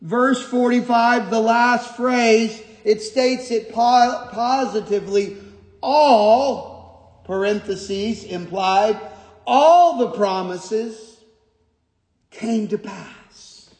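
A male pastor preaching a sermon, emphatic and repetitive, moving from quiet stretches to shouted points. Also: very high-pitched, very slow. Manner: emphatic, repeats key phrases, shifts from quiet to shouting. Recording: echoey hall.

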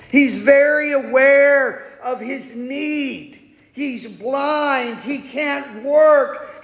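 A man with a strikingly high voice preaches slowly and deliberately. He bursts into loud emphatic cries, then drops to hushed asides. His words ring through a church hall with long reverb. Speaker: pastor. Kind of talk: sermon. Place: church sanctuary.

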